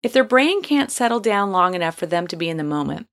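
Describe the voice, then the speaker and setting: A woman with a somewhat low voice talks through a scripted advice monologue. She is frank and playful, encouraging her listeners and slipping into casual slang. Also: sing-song, fast.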